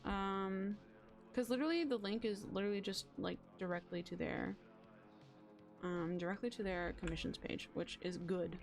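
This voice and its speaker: A young woman streaming a game, chatting in a rambling, excitable, self-mocking way. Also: mid-range voice, vocal fry. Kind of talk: casual live-stream chatter.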